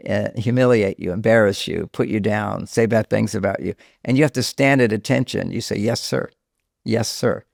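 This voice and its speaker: An older man, a relationship counselor and author, explaining at length in a podcast interview and going hushed when he quotes a scared child. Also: on the low side, gravelly, no room sound, studio quality.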